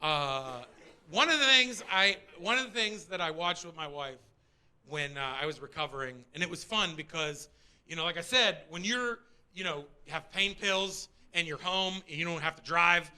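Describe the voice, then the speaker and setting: A middle-aged male stand-up comedian, doing an energetic, profane, exasperated set on a live stage. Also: fairly high pitch, moderate pace, clear, resonant tone. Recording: live show with audience laughter.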